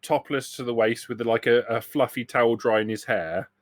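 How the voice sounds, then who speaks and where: A man playing a tabletop role-playing game, talking in a quick, joking way about his character. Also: medium pitch, dry recording, clean studio sound. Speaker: player. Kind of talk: casual tabletop play.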